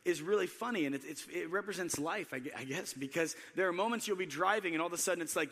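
A man in his thirties preaching a sermon, telling self-deprecating family stories in an animated way. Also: on the high side, quick pace, hardly any pauses, long reverb tail. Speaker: pastor.

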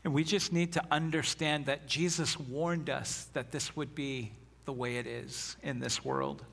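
A man's voice: on the high side, fairly even intonation, a little slow, creaky, fairly bright tone. A man preaching a sermon as pastor, earnest and emphatic, reading scripture aloud.

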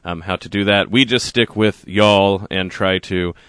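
A man co-hosts a radio talk show, chatting in a joking, casual way with plenty of restarts. His voice is bright and crisp and sits a little low. The studio microphone sounds dry and close. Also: steady tone, no room sound. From Oklahoma. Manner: jokey, quick laughs, frequent restarts.

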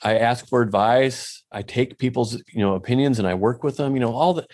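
A man's voice: mid-range voice, brisk, a little mellow. A man telling a personal faith story in a casual, candid way, poking fun at himself and dropping in lots of "you know" asides.

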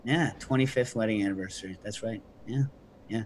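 A middle-aged man hosting a casual chat, telling stories with lively energy and jumping into loud, high-pitched imitations. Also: a little fast. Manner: animated storyteller, leaps to high shouted imitations. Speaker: podcast host.

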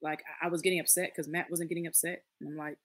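A woman's voice: low voice, level tone, very fast. A woman in her late thirties, a podcast guest, telling a personal story in casual conversation, earnest and acting out the voices of others. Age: late 30s.

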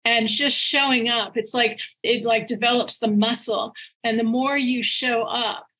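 A woman, an author being interviewed, telling stories in an animated way and laughing often as she talks. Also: on the high side, a little slow, slightly rough, poor audio. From United States. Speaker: author guest. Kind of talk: casual interview storytelling.

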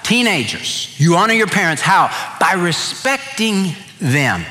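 A middle-aged male pastor delivers a sermon full of folksy humor in a bright, slightly high-pitched voice. A long reverb trails each phrase, as in a large church hall. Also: big pitch swings, unhurried.

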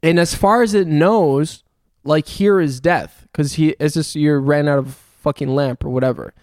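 A man's voice: a little high, normal speed, a little mellow, dry recording, clean studio sound. A young man telling a long story in casual chat, swearing often and laughing as he goes.

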